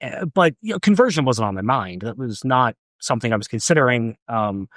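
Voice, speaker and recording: Young guy podcast guest, mid pitch, lots of um and repeated words, dry close mic. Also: expressive, dry recording. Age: young adult. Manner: halting, repeats words, many ums. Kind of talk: casual interview storytelling.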